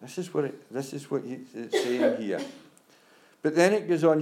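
A man's voice: fairly high pitch, moderate pace, a little mellow. A male preacher giving a conversational sermon, often saying "you know" and stammering on restarts.

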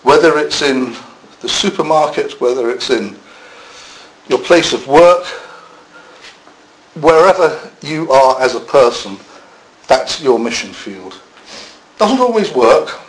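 A man's voice: mid-range voice, animated, takes it slowly, long pauses, poor audio. A man preaching a sermon in a church, conversational, with self-deprecating asides.

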